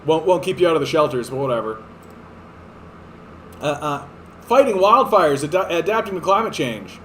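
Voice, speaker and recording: A man rants about politics in a sarcastic, exasperated tone, swearing freely. His voice sits fairly high for a man. A faint hiss runs under the recording. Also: sing-song, normal speed, a bit bright. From Canada. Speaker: political commentator. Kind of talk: ranting political commentary.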